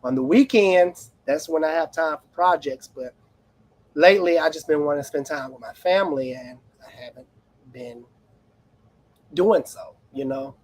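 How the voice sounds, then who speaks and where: A middle-aged man who runs an auto repair shop, chatting on a livestream as an animated, rambling storyteller with playful exclamations. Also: fairly high pitch, moderate pace, no echo, rough recording. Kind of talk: casual livestream chat.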